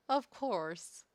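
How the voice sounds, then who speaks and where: Giggly, animated woman streamer. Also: high voice, noisy background. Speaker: let's play streamer. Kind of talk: casual game commentary. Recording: game music playing behind.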